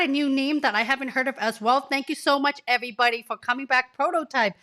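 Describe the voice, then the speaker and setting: Her voice is high-pitched and sharp, rushing along quickly with few pauses. A career coach in her forties, she hosts a live stream from her home office via a desk mic, ill, sniffling and on the verge of tears as she speaks effusively and emotionally to her viewers.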